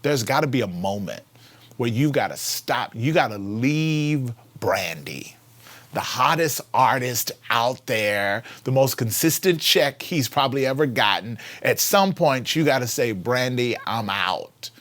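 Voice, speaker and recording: A male host gives a casual inspirational talk, repeating key phrases for emphasis and swinging between loud, lively stresses and hushed whispers. His voice is mid-range and his pace measured.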